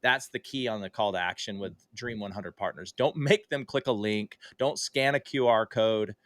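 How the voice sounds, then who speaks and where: A man's voice: lowish voice, moderate pace, a bit bright, no echo. A man who is a guest on a podcast, telling a story in a casual way and acting out quoted dialogue in livelier tones. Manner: conversational, with frequent fillers and self-corrections.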